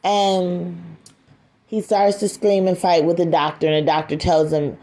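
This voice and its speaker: Woman kinda low voice retelling a story, lots of ums and restarts. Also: level tone, warm tone. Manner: halting, with fillers and repeats.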